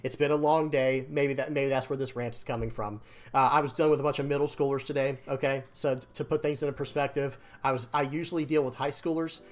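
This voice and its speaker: A young man chatting casually about his card game decks, rambling and apologetic with restarts and quick laughs. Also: medium pitch, fairly even intonation. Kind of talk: casual chat while showing deck lists.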